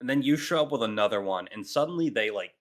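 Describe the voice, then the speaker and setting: Loud, emphatic podcast co-host man. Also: medium pitch, animated, quick pace. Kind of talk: casual chat.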